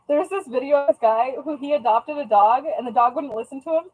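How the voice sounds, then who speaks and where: High-voiced chatty woman live-streaming. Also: fairly quick, hardly any pauses, a little mellow, low-quality recording. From US Pacific time zone. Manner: chatty and playful, tries out joking Spanish phrases. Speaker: live-stream host and online shop seller. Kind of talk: casual live-stream chat while packing orders.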